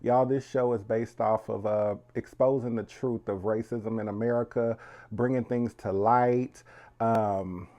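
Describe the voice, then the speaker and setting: A man's voice: medium pitch, mellow. A man hosting his own channel, talking to viewers in a chatty, casual way. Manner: chatty, keeps calling viewers "y'all". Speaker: host. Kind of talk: casual video commentary.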